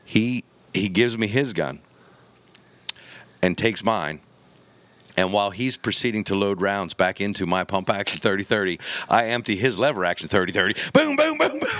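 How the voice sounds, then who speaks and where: A man's voice: on the low side, normal speed, a bit bright, no room sound. A man on a podcast telling a long story in casual chat, acting out the quotes and the gunshots as he goes.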